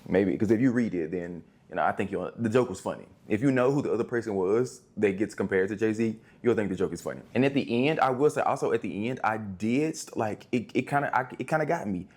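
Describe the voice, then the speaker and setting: A chatty young man talks through his monthly reads in a relaxed, rambling way and drops plenty of slang. His voice sits a little low. He often stops and restarts mid-thought. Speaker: book reviewer. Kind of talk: casual book review vlog.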